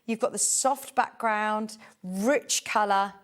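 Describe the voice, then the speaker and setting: A woman's voice: mid-range voice, takes it slowly. A woman presenting a live TV shopping show, gushing and chatty with enthusiasm.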